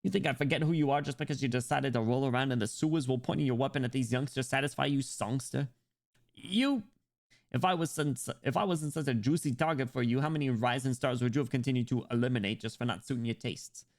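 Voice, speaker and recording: A man's voice: mid-range voice, fast, close to an everyday voice. A man voicing a smug, boastful penguin rap star while reading a game story. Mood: cocky. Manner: cocky and boastful.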